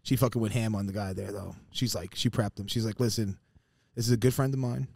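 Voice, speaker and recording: Fast-talking man in casual podcast banter. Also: on the low side, vocal fry, no room sound. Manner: animated, profane, acts out quoted voices. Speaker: podcast co-host. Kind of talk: casual chat, storytelling.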